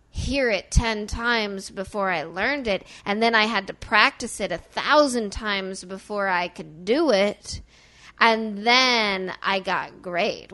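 Woman from small-town Illinois, bright, forceful tone, emphatic chatty delivery with a trained, softened regional accent. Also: mid-range voice. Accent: southern Illinois, softened by accent training. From small-town Illinois, US Midwest. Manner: animated, emphatic, rapid run-on talk with many "like"s. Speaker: actor and guest. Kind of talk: casual conversation about acting.

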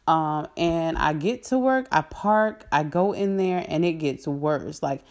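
Low-voiced woman telling her story. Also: normal speed, few pauses. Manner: earnest and animated, with frequent "um" and "like" and laughs mid-sentence. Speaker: vlogger sharing a personal faith testimony. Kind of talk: casual spoken testimony to viewers.

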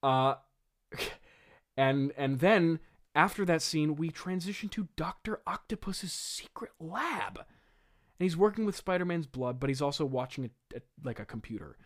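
A man's voice: a little high, expressive, measured pace. Incredulous, laughing man mocking a script. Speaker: host. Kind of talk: comedic commentary on reading his old script.

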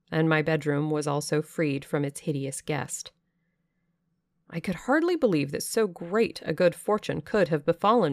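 A woman narrating a classic novel aloud on a close mic, with expressive, dramatic pacing. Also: lowish voice, gravelly, no room sound. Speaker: audiobook reader.

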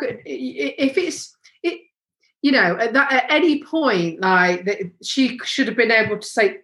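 Brief: woman, podcast guest, frank and earnest, mid pitch, roomy echo. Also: a bit bright. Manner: frank, earnest, many restarts. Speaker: podcast guest, sex expert. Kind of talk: casual podcast conversation.

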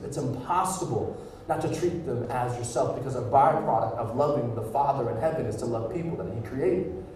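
A man in his thirties preaching a sermon, telling a family story casually, then rising into fervent preaching. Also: mid-range voice. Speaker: pastor. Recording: echoey hall, distant mic, noisy.

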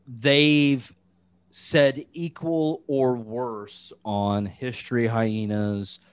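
A man's voice: medium pitch, fairly even intonation, extremely slow, smooth, dry recording. A man hosting a podcast in casual chat, rambling and profane, with lots of fillers. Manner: rambling, full of "like" and restarts, profane. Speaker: podcast host.

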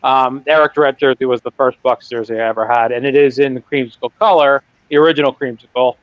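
A man's voice: medium pitch, steady tone, quick pace, no room sound, lo-fi sound. A man co-hosting a casual sports podcast, rambling and correcting himself with wry asides.

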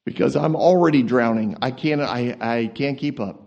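A man voicing a weary, overwhelmed middle-aged husband in a low, tired mumble. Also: moderate pace, gravelly, darkish tone, lo-fi sound, natural voice.

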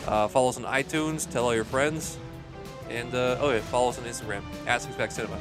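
A man's voice: mid-range voice, steady tone, quick pace, over music. A man hosting a podcast, chatting casually and joking as he wraps up the show. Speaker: podcast host.

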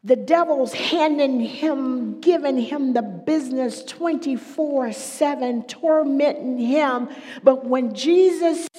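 A middle-aged woman delivers a sermon in an unhurried, measured way, her voice sitting a little high. She drifts from near-whispers to loud, pressing emphasis. The recording rings with the long reverb of a large hall. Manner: swings between hushed whispers and loud emphatic preaching. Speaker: preacher.

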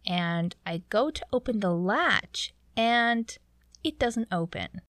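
A young woman from Canada telling a story in a chatty, animated way, with lots of "like". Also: mid-range voice, slow, no echo, studio quality. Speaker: vlogger. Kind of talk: casual storytelling.

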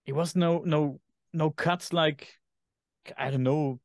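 A man with a German accent chats casually as a podcast co-host, his voice a little higher than most men's. He stops now and then to find the right English word. The sound is close and dry, with no room around it. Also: steady tone, no room sound. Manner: halting, searches for English words. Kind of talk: casual chat.

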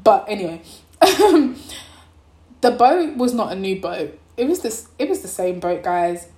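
A young woman vlogging, telling a story in a casual, animated way and acting out the people in it. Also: medium pitch, slow, reverberant.

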